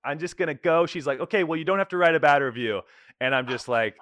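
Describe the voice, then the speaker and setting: A man hosting a podcast, telling a story in casual chat, animated and swearing freely, acting out the people he quotes. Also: a little high, quick pace, no room sound. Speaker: podcast host.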